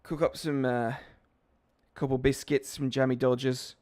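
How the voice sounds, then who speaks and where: A man's voice: medium pitch, little pitch movement, unhurried, a little mellow, dry recording, clean studio sound, voice pushed down, lightly acted. A man voicing a caricature of a chummy British man who loves tea and biscuits, chatting jovially. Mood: jolly.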